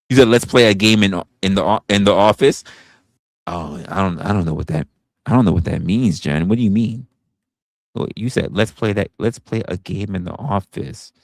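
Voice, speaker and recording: A man's voice: low voice, creaky, no echo, clean studio sound. A young man hosting a casual livestream, rambling with lots of stammering restarts. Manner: rambling, stammering restarts, animated put-on quotes. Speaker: livestream host. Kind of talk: casual unscripted livestream chat.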